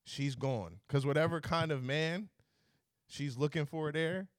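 A man's voice: on the high side, a little slow, no echo, clean studio sound. A young man hosting a podcast, telling a story in casual chat and acting out both sides of the exchange. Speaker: podcast host.

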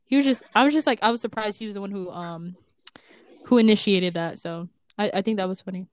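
Excitable young woman, dry close sound. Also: mid-range voice, no room sound. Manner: excitable, laughing often, quick exclamations. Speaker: podcast co-host. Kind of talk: casual chat.

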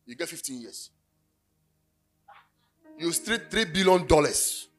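A middle-aged Ghanaian man preaching a sermon, telling stories and joking, breaking into sudden loud bursts. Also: a little high, animated, a little slow, long pauses, faint music behind. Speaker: pastor.

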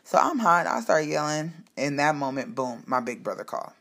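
A woman casually telling a personal story to her listeners, candid and profane, animated and emphatic. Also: sits low, normal speed. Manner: speaks to listeners directly. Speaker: storyteller sharing personal life.

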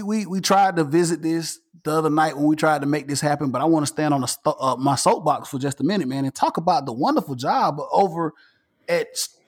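A man hosting a casual sports podcast, animated and ranting, repeating himself. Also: on the high side. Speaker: podcast host.

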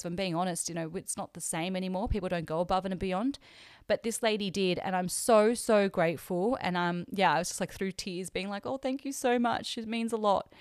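Chatty Australian woman with a smooth voice. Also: medium pitch, no room sound, clean studio sound. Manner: chatty, emotional, quotes herself and others in lively voices. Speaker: podcast host. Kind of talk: personal storytelling. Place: hotel room.

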